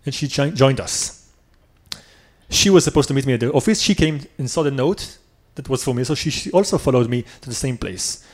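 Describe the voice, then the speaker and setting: A man's voice: mid-range voice, lively intonation, brisk. A man telling a personal story on stage at a live show, earnest and self-critical.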